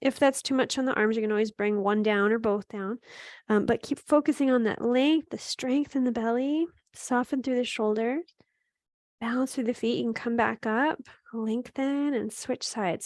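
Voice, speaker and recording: A woman with a fairly high voice leads a gentle yoga class, her instructions calm and encouraging. She checks in with students as she goes and fills pauses with soft "um"s. The sound is close and dry, with no room echo. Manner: calm, encouraging cues with frequent "right?" and "um"; speaks to students by name. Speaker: yoga teacher.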